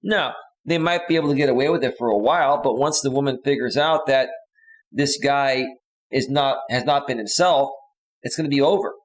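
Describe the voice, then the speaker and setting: A man's voice: medium pitch, a little fast. A male relationship coach giving casual advice in an earnest, lecturing way.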